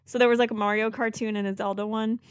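A high-voiced woman chats casually on a podcast and giggles often. She slips into silly cartoon impressions. The sound is dry and close to the mic. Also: level tone, quick pace, no echo. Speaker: podcast co-host. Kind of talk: casual chat.

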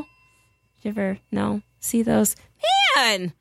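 A woman's voice: fairly high pitch, moderate pace, noisy background. A woman co-hosting a podcast, chatting casually in a bubbly, jokey way and acting out stories. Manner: bubbly, jokey, animated storytelling. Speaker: podcast co-host. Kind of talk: casual chat.

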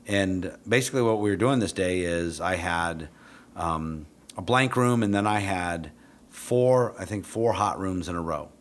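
Blunt, low-voiced dog trainer telling stories. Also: male voice, measured pace. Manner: blunt, profane, animated when quoting himself. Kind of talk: casual storytelling.

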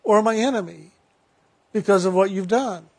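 Guy quoting his proud frustrated boss, blunt, highish voice, dry sound. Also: normal speed, darkish tone, no echo. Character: demanding male business owner, proud and frustrated.

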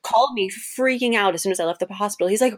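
A young woman in her twenties, an interview guest and cosplayer, telling stories in a casual, animated way with laughter and quick jumps in pitch for quoted voices.

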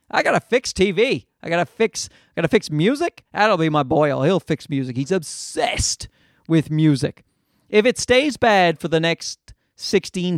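High-voiced man ranting on a podcast. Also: no room sound, studio quality. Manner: profane, ranting, mocking voices. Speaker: podcast host and comedian. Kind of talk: casual podcast monologue.

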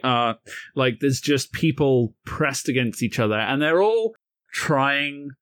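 Relaxed male game master. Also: mid-range voice, measured pace, no room sound. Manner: relaxed, with fillers and laughs. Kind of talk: narrating a tabletop game.

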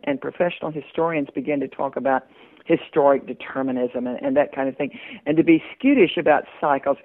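An older woman with a Southern accent, a guest author in a casual podcast interview, witty and quick to chuckle. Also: sits low. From southern Appalachia, US. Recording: tinny phone line.

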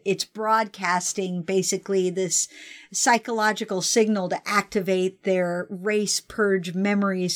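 A woman co-hosting a casual film chat, retelling the plot and acting out lines in quoted voices. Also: medium pitch. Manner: animated, acts out characters in quoted voices. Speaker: podcast co-host.

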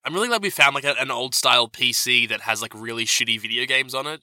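A man's voice: mid-range voice, fast, noisy background. A young man at a game table, talking casually with lots of "like" and "dude".

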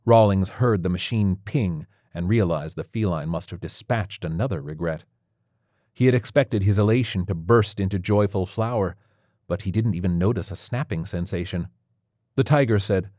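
A man narrates a story with a low, deep voice. His reading is measured and even. The sound is dry and close, with no room echo.

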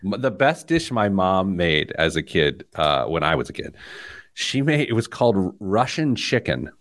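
A man's voice: deep voice, very animated, moderate pace, a bit bright. A man from Indiana hosting a money podcast, talking in loose, jokey banter, rambling through stories and laughing at his own jokes. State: wired on caffeine. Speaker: podcast host, financial planner. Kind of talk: casual banter on a money show.

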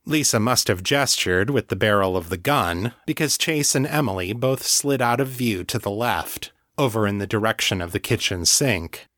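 A man reading fiction aloud as an audiobook narrator, in a measured, deliberate way. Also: on the low side, fairly bright tone, dry recording, clean studio sound. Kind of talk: scripted narration.

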